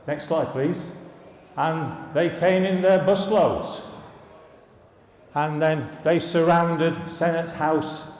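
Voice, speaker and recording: Slow, steady, and a little mellow, this slightly high-voiced older man delivers an anniversary speech to alumni as a former students' union president. He recalls his student days with wry asides and jokes, and the large hall at the live event gives the recording a reverberant echo.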